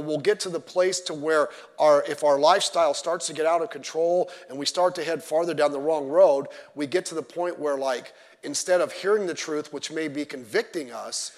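A middle-aged man preaching a sermon as pastor, animated and digressive, with joking asides. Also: a little high. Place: church sanctuary. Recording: long church-hall reverb.

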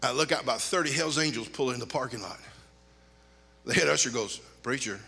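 A man preaching a sermon, telling lively anecdotes and acting out the people in them. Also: mid-range voice, brisk, vocal fry, breathy edge, big-room sound. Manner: animated anecdotes, acts out quoted people. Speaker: pastor. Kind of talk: storytelling sermon.

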